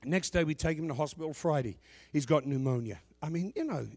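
This sermon comes from a middle-aged pastor whose high, ringing voice is expressive and a little mellow, moving a little fast. Scripture is boomed out, followed by low, chatty asides to the congregation, in a close, dry recording free of room echo.

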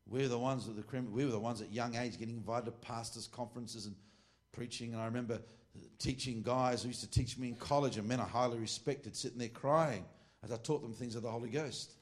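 A middle-aged man with an Australian accent, teaching a class in a loose, informal sermon. He drifts into joking asides and restarts his sentences, and his pitch sits at an ordinary middle level for a man. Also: fairly even intonation, fairly quick. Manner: rambling and joking, with frequent asides and self-corrections. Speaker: preacher teaching a ministry class.

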